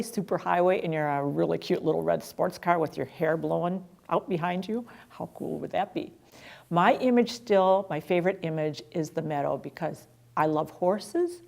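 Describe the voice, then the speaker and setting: Middle-aged woman with a low fry-tinged voice, chatting through her own story, laughs at herself. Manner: warm, chatty, self-deprecating with laughs. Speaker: speaker sharing personal story. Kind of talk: personal storytelling talk.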